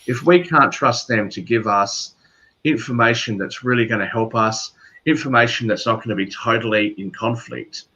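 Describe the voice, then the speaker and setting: Bright-voiced Australian man, lo-fi audio. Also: medium pitch, moderate pace, slight background noise. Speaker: guest. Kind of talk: casual video call chat. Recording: dull lo-fi audio.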